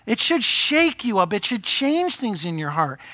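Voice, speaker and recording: A male pastor delivers a sermon with impassioned urgency, his voice rising to emphatic peaks. His tone sits high and bright, with a sharp forward edge. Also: sing-song, unhurried.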